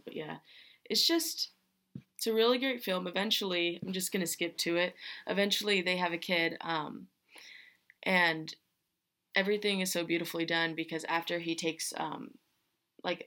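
A woman's voice: deep voice, bright, forceful tone. A young woman hosting a podcast, casually recapping a film in a rambling way, full of fillers and restarts. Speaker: podcast host.

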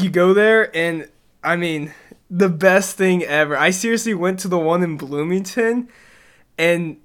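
Rambling, joking young man, raised pitch. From Southern US. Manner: energetic, joking, rambling storyteller. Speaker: podcast co-host. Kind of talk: casual chat.

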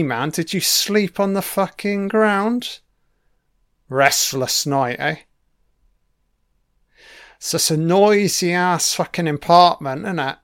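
A man talks his way through a film in a slow, drawn-out manner, swearing freely as he drops wry asides. His voice sits somewhat high for a man and comes through smooth and clean. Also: a bit bright. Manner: swears constantly, wry offhand remarks. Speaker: film commentator. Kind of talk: casual running film commentary.

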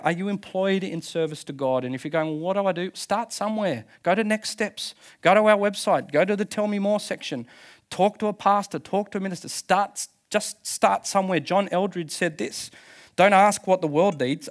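A man preaching a passionate sermon as pastor at a church service, emphatic, with restarts and laughs. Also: medium pitch.

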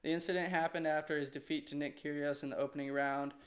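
A man's voice: fairly high pitch, level tone, fast talker. A young man co-hosting a casual podcast chat, reading news items aloud and laughing often. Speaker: podcast co-host.

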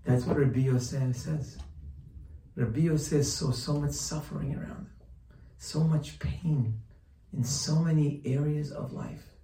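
A man's voice: on the high side, fairly even intonation, measured pace, warm tone, a little hiss or hum. A man giving a sermon-style Torah lesson, quoting Hebrew texts and translating them, asking rhetorical questions and repeating phrases for emphasis. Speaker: rabbi teaching Torah. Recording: echoey room, voice from far off.

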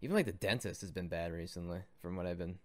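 A young man with a lowish voice chatting on a podcast. He rambles casually and says "like" all the time. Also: quick pace, darkish tone, no echo. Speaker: podcast co-host. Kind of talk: casual chat.

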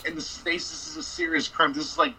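A man's voice: a little high, little pitch movement, fast, sharp tone, slightly rough, rough recording. A man telling a rambling, profane story in a casual interview, laughing and acting out what people said. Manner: profane, laughing, acts out quotes. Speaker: record label boss, guest.

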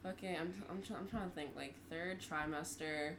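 A woman's voice: deep voice, moderate pace, background noise. A woman in her twenties, co-hosting a podcast, telling stories in a casual chat and laughing often. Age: 20s. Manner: animated storyteller who laughs often. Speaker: podcast co-host.

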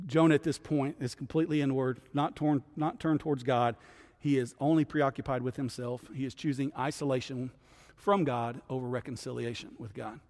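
A man's voice: medium pitch, big-room sound. A man who is a guest pastor, teaching a Bible study in a conversational way and often checking in with "right?".

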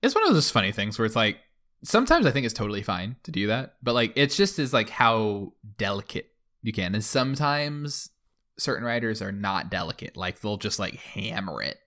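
A man's voice: lowish voice, sing-song, moderate pace, fairly bright tone. Rambling young man, casual podcast host. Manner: rambling, lots of fillers like "like" and "you know". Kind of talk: casual chat.

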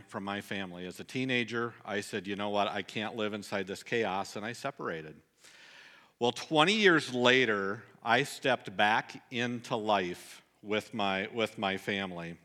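A middle-aged man delivering a sermon, telling a personal story earnestly and dropping soft and low at the sad moments. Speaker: pastor.

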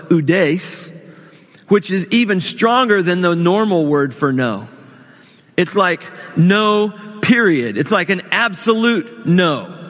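A man's voice: sits high, a bit bright. A man preaching a sermon, praying aloud and stressing key words by repeating them. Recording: long reverb of a large hall.

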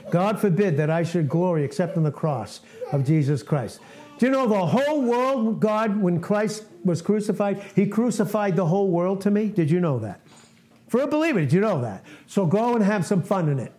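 An older man in his late sixties preaches informally to a small fellowship. His voice sits a little high yet sounds mellow and warm. He talks in an earnest, folksy, self-deprecating way and repeats himself. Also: lively intonation, normal speed, slight background noise. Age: 60s.

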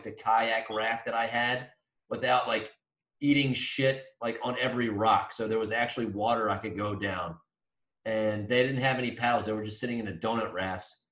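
Rambling, profane male storyteller in an echoey room. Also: mid-range voice. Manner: excitable, swears freely, acts out his own yelling. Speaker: podcast co-host. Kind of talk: casual chat, animated storytelling. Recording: roomy echo.

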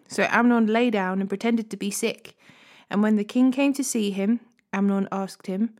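A woman reading a Bible passage aloud as a steady storyteller, hosting a daily reading series. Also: mid-range voice, normal speed. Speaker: Bible reader.

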